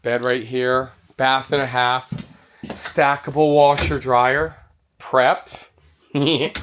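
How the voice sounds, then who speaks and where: A man's voice: mid-range voice, little pitch movement, slow pace, noisy background. A man touring an indoor RV show, giving an enthusiastic walkthrough and exclaiming over features. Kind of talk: walkthrough vlog.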